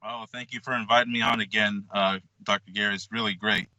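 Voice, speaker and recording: A man as a radio show guest, explaining in a measured way with frequent ums, on dull lo-fi call audio. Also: on the low side, fairly even intonation, pushed and bright, dry recording. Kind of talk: explanatory interview talk.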